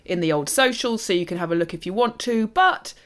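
A woman's voice: on the low side, animated, brisk, a bit bright. A woman co-hosting a podcast, chatting casually with wry, self-mocking humour and playful asides. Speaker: podcast co-host. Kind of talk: casual chat reviewing a cartoon.

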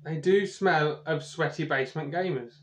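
A man's voice: a little high, normal speed, a little hiss or hum. British man running a tabletop game. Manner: chatty, explains rules with asides. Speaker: game master. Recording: echoey, slightly muffled.

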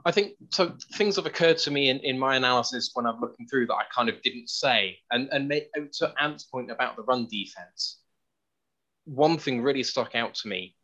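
A man's voice: mid-range voice, lively intonation, normal speed, sharp tone, muffled recording. A man co-hosting a sports podcast, explaining his analysis in careful detail. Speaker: podcast co-host.

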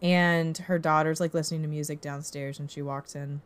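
A woman co-hosting a casual movie-review chat, retelling scenes in an animated way with lots of filler words. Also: low voice, moderate pace. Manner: animated retelling with acted-out quotes; many "like" fillers. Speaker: podcast co-host reviewing a movie.

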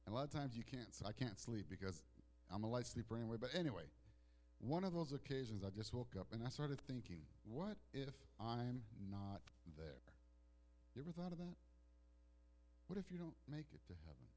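A male pastor preaches in a chatty, storytelling way. His voice sinks to hushed, tender lines and then climbs to loud, fervent bursts. He often restarts his sentences as he talks to the congregation. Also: medium pitch, big pitch swings, a little fast. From Italian heritage. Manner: swings from soft hushed lines to loud emphatic outbursts, with restarts. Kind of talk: sermon.

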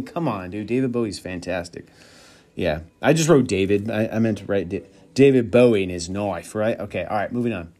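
A man's voice: fairly low pitch, a little mellow. Man, podcast host, casual solo chat, rambling, swears freely, thinks aloud.

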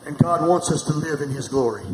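Preaching in a large church hall, a middle-aged pastor calls on the congregation to answer him back. His voice is a little high and brisk, and the audio is echoey with background noise.

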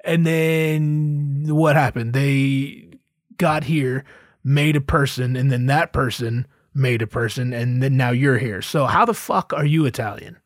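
A man's voice: mid-range voice, measured pace, no room sound, studio quality. A man hosting a podcast, delivering a sarcastic, profane comedic rant. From United States. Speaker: podcast host.

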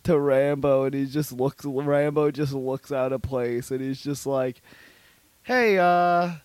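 A man's voice: medium pitch, little pitch movement, a little slow, warm tone, dry recording. A man co-hosting a podcast, rambling through crude stories and jumping into goofy voices for the people in them. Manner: rambling retelling, slips into goofy voices for characters. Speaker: podcast co-host. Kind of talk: crude casual chat.

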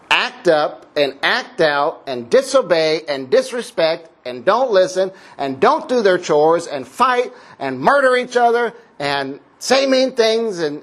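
A pastor and adult parent with a high voice preaches a sermon built around an object lesson. His delivery is playful and jokey, a storytelling style punctuated by laughs.

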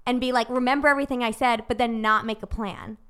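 A young woman with a bright, high-leaning voice trades dating stories on a casual podcast. She talks at a rapid clip, laughing easily and jumping into quoted lines. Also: steady tone, clear, resonant tone. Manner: quick, laughing storyteller acting out quotes. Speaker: podcast guest.

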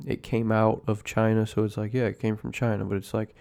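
Laid-back swearing man, smooth voice. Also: fairly low pitch, little pitch movement, a little fast, darkish tone. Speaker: podcast host. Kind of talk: casual rambling chat. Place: at home drinking coffee.

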